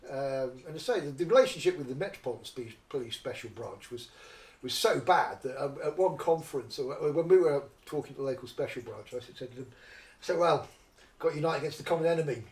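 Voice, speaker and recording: A man's voice: medium pitch, fast, distant mic. A man from North East England, telling stories as an interview guest and acting out the voices of people he quotes. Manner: animated, acts out quoted voices. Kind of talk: conversational storytelling. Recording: roomy echo, somewhat off-mic.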